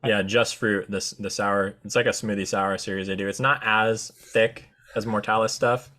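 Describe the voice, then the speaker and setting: A man's voice: lowish voice, steady tone, moderate pace, pushed and bright. A man hosting a casual chat, easygoing and enthusiastic as he describes things. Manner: easygoing, enthusiastic about flavors.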